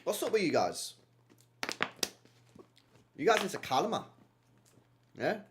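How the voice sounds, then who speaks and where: A young man hosts a live football watchalong, bantering with his chat. His pitch sits a little high and swings widely as he goes. He teases and laughs along with his viewers in a loose, casual slang-filled way. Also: measured pace, background noise. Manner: animated, teasing, often laughing at chat. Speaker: streamer hosting a football watchalong.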